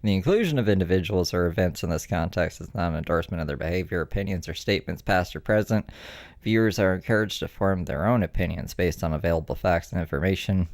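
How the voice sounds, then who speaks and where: A man's voice: sits low, no echo, clean studio sound. A man hosting a live stream, chatting casually and joking to himself as he clicks through videos. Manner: chatty, jokey, talks to himself while clicking around.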